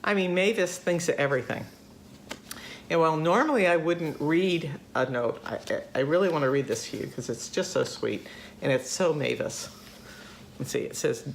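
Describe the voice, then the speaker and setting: A woman's voice: deep voice, animated, moderate pace, gravelly, slight background noise. An older woman hosting a casual chat, talkative, laughing often and acting out voices in her stories. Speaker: host.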